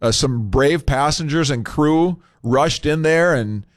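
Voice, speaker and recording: A male talk radio host speaks loosely into a studio microphone, thinking aloud with scattered fillers. His voice is smooth and resonant, and it sits close and dry with no room sound. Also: a little high, dry recording. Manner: conversational and unscripted, pausing with fillers.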